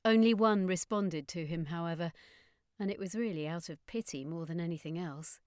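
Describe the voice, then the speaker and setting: A woman's voice: on the low side, normal speed, a little mellow, smooth, dry recording, studio quality. Woman reading a story aloud. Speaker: audiobook narrator. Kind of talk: storybook narration.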